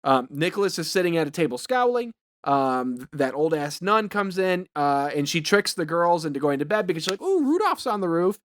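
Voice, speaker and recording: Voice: mid-range voice, lively intonation, brisk, few pauses, no echo. A podcast co-host recapping a horror film in a loose, profane ramble, often exasperated by the script. The mic is dry and close, with no room sound at all. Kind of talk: casual chat.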